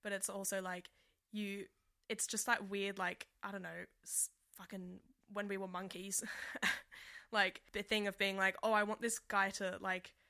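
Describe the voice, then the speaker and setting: A woman's voice: medium pitch, little pitch movement, unhurried, vocal fry, bright, forceful tone. A young woman, the show's producer, musing casually with loose fillers and swearing. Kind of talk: casual chat.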